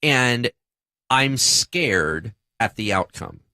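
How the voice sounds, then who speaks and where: A man, a pastor co-hosting a podcast, telling a story about himself in a lively, self-deprecating way. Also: mid-range voice, extremely slow, no echo. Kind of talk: casual podcast discussion.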